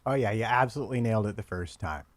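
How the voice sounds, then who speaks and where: A man's voice: on the low side, dry recording. Wry male podcast co-host, dry sound. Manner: wry, measured, slightly formal wording. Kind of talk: casual podcast chat.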